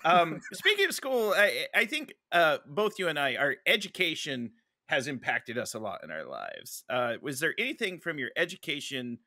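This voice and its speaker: A man hosting a podcast, asking quick, animated questions with filler words. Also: a little high, no room sound, studio quality. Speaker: podcast host. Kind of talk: casual interview chat.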